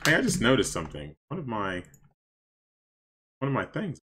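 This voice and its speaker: A man casually commenting on his gameplay for stream viewers, chatty and excitable, talking to his chat. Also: mid-range voice, normal speed, slightly rough. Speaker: streamer playing a life-sim game.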